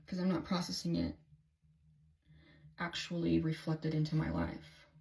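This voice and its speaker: Woman, low register, candid rambling tarot-reading diarist; salty, self-talking delivery. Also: very animated, unhurried, vocal fry, mellow. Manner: candid, rambling, swears freely, self-talk. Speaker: tarot reader. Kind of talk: casual tarot reading video diary.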